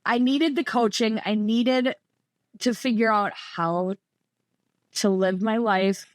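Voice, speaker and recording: A woman's voice: on the high side, fairly even intonation, slow, no room sound. Midwestern woman in her 30s, podcast guest, rambly and filler-heavy, dry close mic. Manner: chatty, rambling, many fillers like "like" and "you know". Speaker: podcast guest, former coaching client. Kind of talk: casual conversational interview.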